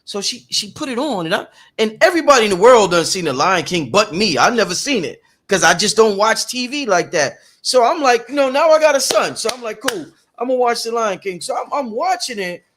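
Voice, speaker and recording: A man in his thirties hosting a casual podcast, telling stories in an animated, slangy way with lots of repeats. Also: sits high, a little fast, few pauses. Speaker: podcast host.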